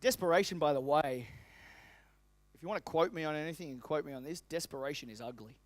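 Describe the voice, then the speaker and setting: A man's voice: a little high, fast talker, no room sound. Punchy Australian man coaching a seminar. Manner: energetic, emphatic, repeats key phrases. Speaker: business coach. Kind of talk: motivational seminar talk. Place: seminar room with tables.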